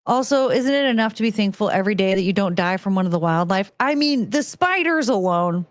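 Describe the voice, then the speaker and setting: A woman's voice: medium pitch, animated, fairly quick, no echo, clean studio sound. A woman streamer chatting casually and reading viewer messages aloud, rambling and laughing at herself often. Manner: rambling, giggly, self-mocking. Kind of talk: casual live-stream chat.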